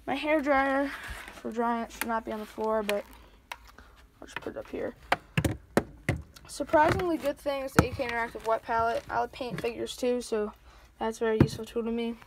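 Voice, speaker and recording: Woman showing off her model bench, kinda high and gravelly, lots of ums, noisy home recording. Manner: rambling, hesitant, many fillers. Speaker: scale model hobbyist. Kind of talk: casual workbench tour. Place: home workbench.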